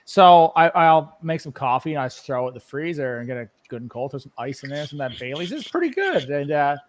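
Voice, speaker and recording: A man's voice: a little high, sing-song, brisk, a little hiss or hum. Laughing East Coast Canadian man. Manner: rambling and laughing often. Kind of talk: casual chat.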